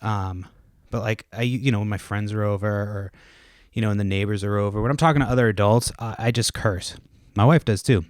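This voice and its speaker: A man's voice: fairly low pitch, steady tone, fairly quick, dry recording, studio quality. A man in his thirties hosting a podcast from home, rambling casually and cursing often as he goes off on tangents. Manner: profane, rambling, self-interrupting. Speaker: podcast host. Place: home, kids nearby.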